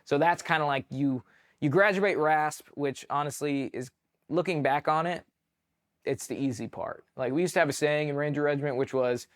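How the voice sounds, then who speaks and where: A young man from California, an army veteran guest, telling stories in a loose, casual interview, full of fillers, with bursts of acted-out shouts. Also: a little high, moderate pace. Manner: animated, acts out shouted quotes, many fillers.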